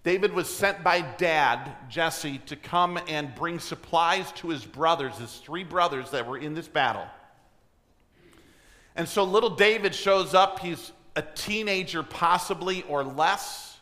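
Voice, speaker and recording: Pastor, male, delivering an emphatic sermon in a church with rhetorical questions. Slow, deliberate delivery and a long-ringing hall. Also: on the high side, bright, forceful tone. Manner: clears throat often. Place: church sanctuary.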